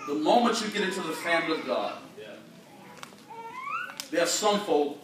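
A man's voice: fairly high pitch, lively intonation, normal speed, loud music behind the voice. An older man preaching a sermon in a folksy, humorous storytelling way, full of colloquial speech. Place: church sanctuary. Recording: echoey church recording from far off, congregation audible.

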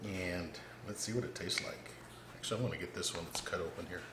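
A man's voice: deep voice, fast. A man hosting a casual cooking demo, chatting to viewers and calling them guys. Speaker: cooking channel host. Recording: echoey room with background noise.

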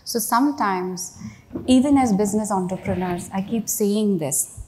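Recorded with a little hiss or hum, a middle-aged Indian woman speaks at a moderate pace in a mellow, mid-range voice. The CEO's keynote is conversational and story-based, with frequent "you know" and "right?"

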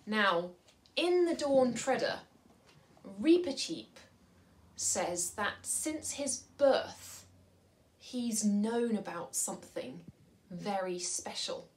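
A woman leading a school assembly for children, reading from a storybook and talking in a gentle, measured way that often drops to a soft whisper. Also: mid-range voice, animated, poor audio.

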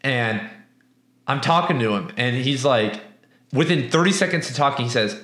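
A young man from the West Coast giving a casual, rambling book review, profane and animated, with many restarts. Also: mid-range voice, normal speed. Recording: echoey room.

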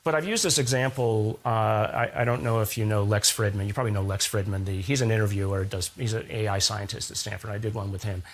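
A man's voice: fairly low pitch, fairly even intonation, fast talker, hardly any pauses. Man explaining with analogies. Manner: thoughtful, explains with analogies and rhetorical questions. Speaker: interview guest, scientist. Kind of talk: conversational interview.

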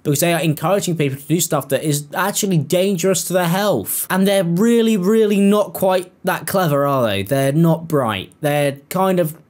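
A man hosting reaction commentary, ranting sarcastically and leaping into high, exasperated outbursts. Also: moderate pace, few pauses, a little mellow. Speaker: commentary host.

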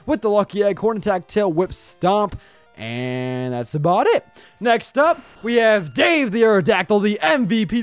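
A young man hosts a let's play from his home setup, speaking into a boom-arm microphone. His voice sits a little high and bounces widely up and down. He rambles in an energetic, playful way, with faint music underneath. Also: clear, resonant tone, no room sound. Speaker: YouTube gaming host.

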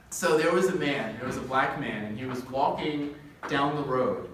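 A young man preaching a sermon, telling a parable with quick laughs and building to impassioned lists. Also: mid-range voice, background noise. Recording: echoey room, distant mic.

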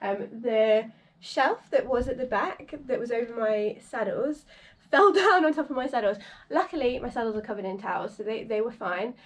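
A woman's voice: a little high, animated, moderate pace. A woman vlogging outdoors at the stables, chatty and upbeat, laughing often and a little out of breath. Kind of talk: casual vlog narration. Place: outdoors at a stable field, windy.

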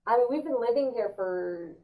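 A woman from California hosting a casual weekly spiritual talk, upbeat and playful, now and then leaping into excited exclamations. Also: a little high, normal speed, phone-quality sound. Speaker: host.

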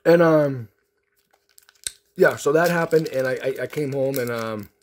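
A man's voice: mid-range voice, a little slow, a little hiss or hum. Rambling man chatting over card packs. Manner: rambling, many fillers and restarts; sarcastic, self-mocking storyteller. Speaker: card pack opening vlogger. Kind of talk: casual chat while opening packs.

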